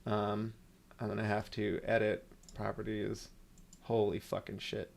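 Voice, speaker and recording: A man's voice: fairly low pitch, completely flat delivery, unhurried, creaky, darkish tone. A man hosting a casual livestream, ranting with sarcasm and frequent swearing. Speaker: livestream host.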